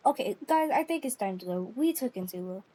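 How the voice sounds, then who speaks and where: A woman's voice: mid-range voice, lively intonation, brisk, dark tone. A woman narrating a pretend play scene and talking as a bossy, chatty mother figure. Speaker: toy role-play narrator. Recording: noisy home recording with clicks.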